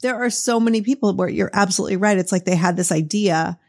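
A woman's voice: medium pitch, fast, vocal fry. Boston lady podcast host, middle-aged, chatty and encouraging, laughs a lot. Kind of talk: casual interview chat.

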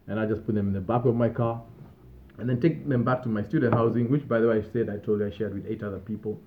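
A young man hosting a podcast, telling stories from his student days in a relaxed, rambling way with small laughs and restarts. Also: fairly low pitch, fast. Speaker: podcast host. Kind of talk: casual storytelling monologue. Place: Australia. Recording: tinny phone-like sound.

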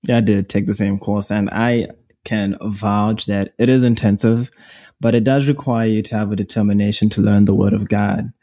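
Deep-voiced Zimbabwean man, earnest. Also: steady tone, moderate pace, dark tone, dry recording. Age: young adult. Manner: earnest, with frequent fillers and restarts. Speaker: podcast co-host. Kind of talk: casual faith podcast chat.

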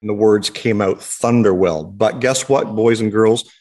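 A man's voice: lowish voice, steady tone, a little slow, a little mellow. A man, co-hosting a car podcast in a playful, teasing, mock-stern way. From Canada. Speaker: podcast co-host. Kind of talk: casual chat. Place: podcast studio.

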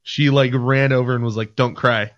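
A man in a casual podcast chat, relaxed, chiming in with questions and comments. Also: mid-range voice, moderate pace. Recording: dull lo-fi sound.

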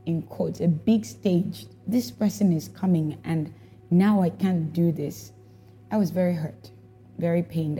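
A woman's voice: lowish voice, mellow. A woman telling a personal testimony about serving as a worship leader, reflective and emotional, repeating herself as she goes. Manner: reflective, emotional storytelling with repetitions.

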